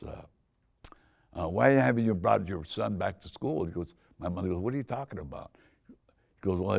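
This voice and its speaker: An older man from Southern California, with a deep voice, casually telling a rambling personal story full of restarts. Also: darkish tone. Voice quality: deep gravelly voice. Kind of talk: casual spoken memoir.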